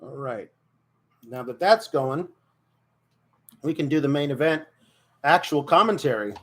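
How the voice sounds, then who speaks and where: A man streaming live reaction commentary, his voice a touch higher than most. He sounds exasperated and keeps stopping to restart his sentences as he reacts. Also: animated, measured pace, a bit bright.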